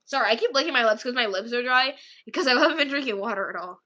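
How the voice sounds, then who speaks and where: A woman chats to her viewers in a bright, sharp-edged voice that sits a little high. She rambles through her stories, packed with fillers, and keeps breaking into giggles. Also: lively intonation, racing. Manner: rambling, filler-heavy storytelling. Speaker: streamer chatting with viewers. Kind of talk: casual chat.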